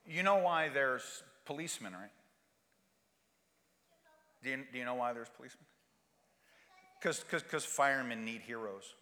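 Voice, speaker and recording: A man's voice: mid-range voice, animated, moderate pace, pauses often, sharp tone, big-room sound. A male pastor preaching a sermon, asking rhetorical questions and hammering points home through repetition.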